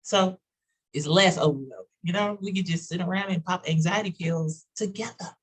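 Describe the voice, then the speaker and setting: A woman with a Texas accent chatting on a roundtable video call, talking fast and rambling with many fillers. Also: on the low side, husky, low-quality recording. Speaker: roundtable panelist. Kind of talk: casual chat.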